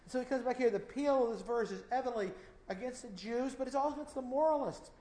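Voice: mid-range voice, quick pace, warm tone, reverberant, low-quality recording. A Bible teacher preaching a verse-by-verse sermon, emphatic and full of rhetorical questions.

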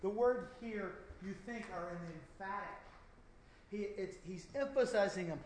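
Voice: mid-range voice, animated, moderate pace, echoey room, poor audio. A Bible teacher preaching a verse-by-verse sermon, emphatic and full of rhetorical questions.

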